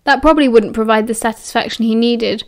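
A woman with a British accent reads a novel aloud in a steady, expressive audiobook style. Her voice sits a little high for a woman. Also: quick pace. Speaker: audiobook narrator. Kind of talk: audiobook narration.

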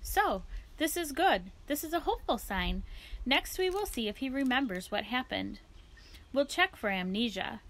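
A woman's voice: high-pitched, expressive, fairly bright tone, voice pushed up. Woman reading as a rambling old lady philosopher. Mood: musing. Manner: formal, digressive, unhurried.

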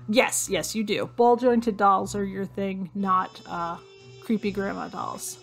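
A woman playing a hidden object game, talking to herself slowly as she searches for items. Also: medium pitch, steady tone, gravelly. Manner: slow, musing, talks to herself while searching. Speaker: gamer. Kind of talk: casual let's-play commentary. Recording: faint music behind voice.

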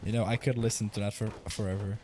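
A man's voice: fairly low pitch, little pitch movement, quick pace, noisy background. A young man streaming a video game from home, rambling casually, swearing and laughing often. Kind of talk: casual gaming livestream chat.

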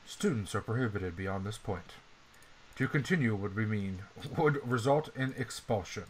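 A man's voice: lowish voice, expressive, normal speed, a little hiss or hum, close to an everyday voice, low-quality recording. A man voicing a stern, disembodied magical warning at a gate, formal and officious.

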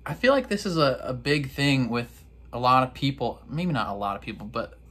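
Excitable slangy young man recapping. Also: mid-range voice, moderate pace. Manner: excitable, slangy recap with playful character impressions. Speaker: reaction video host. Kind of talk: casual reaction and recap.

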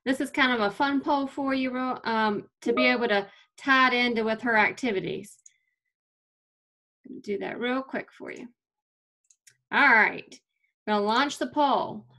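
A woman moderating a virtual college information session, running a poll in a brisk, upbeat way. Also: on the high side, bright, forceful tone. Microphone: video call.

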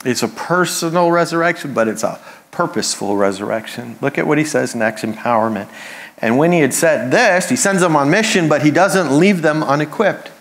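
A man, a pastor, preaching a conversational sermon with humorous asides. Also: a little high.

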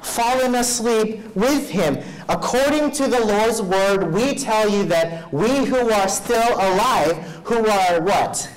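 High-voiced preaching pastor. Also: male voice, takes it slowly, few pauses, poor audio. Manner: reads scripture aloud and prompts the congregation to fill in words; grows louder and higher when preaching, drops soft and low for personal stories. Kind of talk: sermon. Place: live evening worship service.

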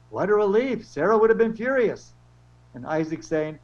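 A man's voice: high-pitched, big pitch swings, normal speed. A man lecturing with wry jokes and playful storytelling. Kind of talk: humorous lecture. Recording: dull lo-fi recording.

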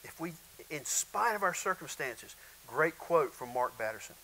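A man's voice: a little high, big pitch swings, normal speed, sharp tone, low-quality recording. A male pastor preaching a sermon in an emphatic, repetitive way, often calling out to the congregation.

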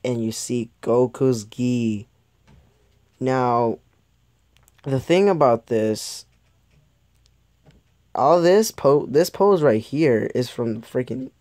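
In a medium-pitched, slightly mellow voice, a young man gives a meandering, casual review of an episode for a video, often drifting off track and laughing at himself. No room sound is audible.

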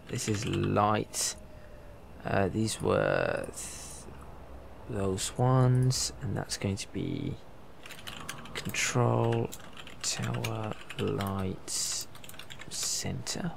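Slow, gravelly man. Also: fairly low pitch, expressive, background noise. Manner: musing, half to himself while building. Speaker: host. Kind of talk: casual gaming chat.

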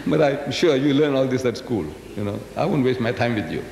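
A man in his sixties from South Africa with a South African accent, giving a lecture to a live audience in a booming, carrying voice, teasing the crowd and firing questions at them. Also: moderate pace, creaky, a little mellow. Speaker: public speaker. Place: large hall. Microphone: PA microphone. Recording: echoey hall, faint background noise.

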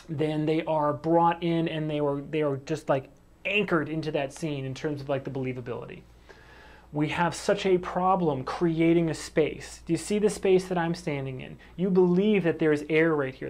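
A man's voice: fairly high pitch, a little mellow. A man teaching animation in a video lesson, standing in a room and talking to the camera, with frequent restarts and fillers, and yawning and short of breath. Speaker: animation instructor.

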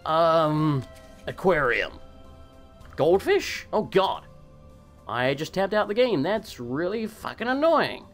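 A gaming channel host, still recovering from a cold, gives loose, sarcastic let's play commentary, swearing and arguing with the characters on screen. His sing-song pitch swings widely and animatedly, at a slow pace with frequent pauses. Faint game music plays underneath.

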